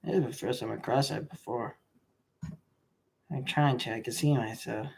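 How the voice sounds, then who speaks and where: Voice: medium pitch, moderate pace, vocal fry, a little mellow, husky. A young gamer rambling in casual gameplay commentary, talking to himself and the audience, recorded close on a microphone.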